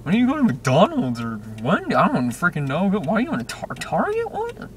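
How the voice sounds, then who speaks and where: A young man putting on a shrill, squealing voice as a freaked-out teenage classmate. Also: wildly swooping pitch, brisk. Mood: incredulous. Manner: squealing, exasperated questioning. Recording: distant mic with loud car noise.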